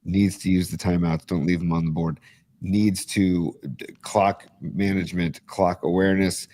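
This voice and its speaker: Opinionated low-voiced male sports host. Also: normal speed. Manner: excitable, opinionated, with many fillers and restarts. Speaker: podcast host. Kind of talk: casual sports chat on a live stream.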